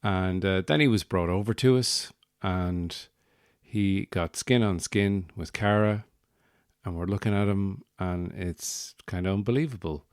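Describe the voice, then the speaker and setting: A man's voice: low voice, measured pace, clean tone, no echo, clean studio sound. An Irish man hosting a podcast, telling a rambling, wry comic story with self-mocking asides. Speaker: podcast host.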